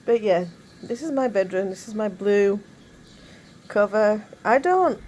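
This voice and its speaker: A woman's voice: mid-range voice, animated, measured pace, a little mellow, rough recording. Chatty woman rambling at home. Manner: chatty, rambling, frequent asides. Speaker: vlogger. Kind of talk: casual rambling chat. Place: bedroom at home.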